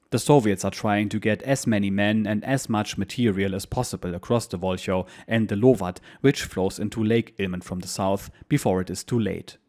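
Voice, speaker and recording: A man with a fairly low voice reads a first-person war memoir, steady and measured. Between the readings he speaks as the channel's host in the same even manner.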